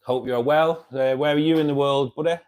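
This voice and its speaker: Speaking from home beside his fish tank, a Mancunian man hosts a fish club's live stream, chatting casually and greeting viewers by name as he reads their comments. His mid-range voice is steady, brisk, and slightly dark in tone.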